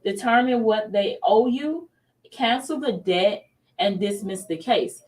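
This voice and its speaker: A woman host in her thirties chats through a faith talk show and tells stories with real animation, slipping into the voices of the people she quotes. Her voice sits at an everyday middle pitch. She is recorded a little way back from the mic. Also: a little slow, recorded from a distance, poor audio. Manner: animated storytelling, acts out quoted dialogue.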